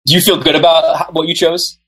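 A man's voice: on the high side, flat delivery, fast, bright, forceful tone, breathy edge, poor audio. A man as a podcast guest, talking in an enthusiastic, rambling way with many fillers. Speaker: guest, musician. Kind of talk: casual podcast chat.

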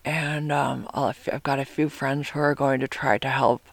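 A man mimicking a quiet, mumbling, glum guy. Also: flat delivery, normal speed, creaky, no echo. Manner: low, mumbling and subdued. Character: quiet, flat-voiced man with a speech impediment.

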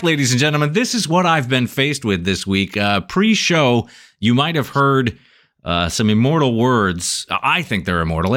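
Bright, lively jokey male podcast host. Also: fairly low pitch. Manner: upbeat, jokey, playful emcee patter. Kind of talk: casual podcast chat.

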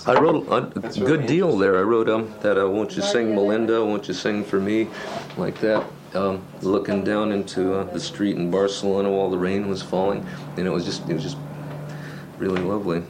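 A songwriter telling a story in a casual recorded interview, rambling and halting with many fillers and restarts. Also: male voice, deep voice, fairly even intonation, crowd noise.

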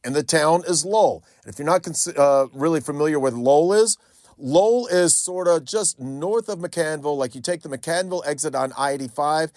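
A man's voice: a little high, moderate pace, a little mellow, no echo, studio quality. A man from North Carolina hosting a talk radio show, speaking in a conversational, opinionated way with frequent repeats and restarts. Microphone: studio microphone.

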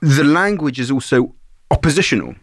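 A man's voice: mid-range voice, lively intonation, moderate pace, dry recording. A middle-aged man talks through ideas on a podcast in an analytical, explaining way. His voice sits in an ordinary middle register. The sound is close and dry, with no room around it. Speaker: podcast co-host. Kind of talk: conversational history podcast.

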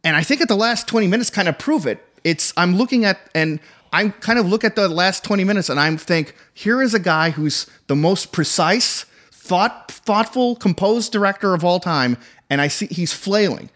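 A man in casual conversation about films, talking haltingly with many fillers and restarts. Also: sits high, lively intonation, a bit bright. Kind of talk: casual chat.

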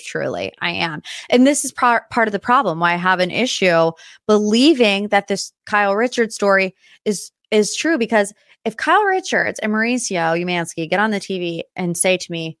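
A young woman talks through celebrity gossip in a chatty, animated way as host of a casual show. Her voice sits at a middle pitch. The recording is dry and close, with no room sound. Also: no echo. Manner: chatty and animated, with dramatic asides. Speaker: podcast host. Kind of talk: casual pop-culture gossip chat.

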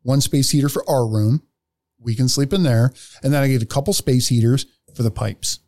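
A man's voice: medium pitch, moderate pace, warm tone, no room sound. A man telling a story in casual podcast chat, blunt and profane, acting out the other people in it. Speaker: podcast co-host.

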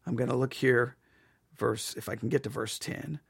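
A Bible teacher leads a devotional study, reading scripture aloud and then unpacking it conversationally, sometimes voicing the proud and the doubter from the passage. His mid-range voice is gravelly and slightly rough, with a steady tone and moderate pace. The recording is dry and clean, with a studio sound.

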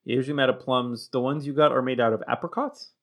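A man's voice: medium pitch, fairly even intonation, quick pace, a bit bright. Man, casual and rambling. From Romania. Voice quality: swears and laughs often while rambling. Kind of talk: casual chat.

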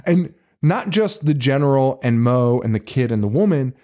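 A man's voice: mid-range voice, moderate pace. A man hosting a podcast, chatting casually about a movie, swearing freely and laughing often. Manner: profane, excitable, laughs often. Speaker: podcast host.

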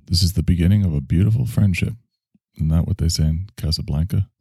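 A man's voice: low-pitched, brisk, vocal fry, warm tone, slightly rough, no room sound, clean studio sound. A man hosting a casual solo chat show, rambling with sarcastic asides and sighs. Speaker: host.

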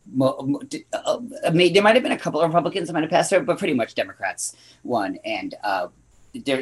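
A lower-pitched man with a Western New York accent and a husky voice, talking through issues as a podcast guest. He stumbles and restarts often but speaks his mind bluntly. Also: poor audio. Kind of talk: casual podcast discussion.

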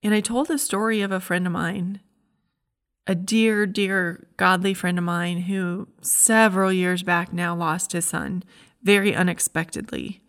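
A woman's voice: fairly low pitch, fairly even intonation, measured pace, fairly bright tone. A middle-aged woman giving a heartfelt, earnest devotional message as a Christian speaker.

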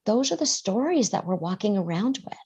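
A woman's voice: mid-range voice, very animated, fairly quick, a little mellow, husky. A middle-aged woman, a therapist and author, speaking earnestly as a guest in a podcast interview. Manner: earnest, acts out quoted voices.

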